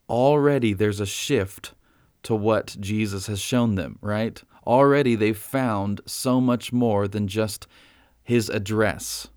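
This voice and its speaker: A man's voice: lowish voice, takes it slowly, darkish tone, no room sound, studio quality. A man preaching a sermon as a pastor, in a conversational way that keeps checking in with listeners. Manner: conversational preaching, frequent "right?".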